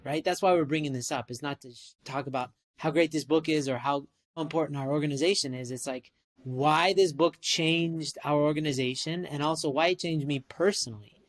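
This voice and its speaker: Animated Canadian man telling stories. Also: fairly high pitch, moderate pace. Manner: animated storyteller, lots of "like" and "right?". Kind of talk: casual chat.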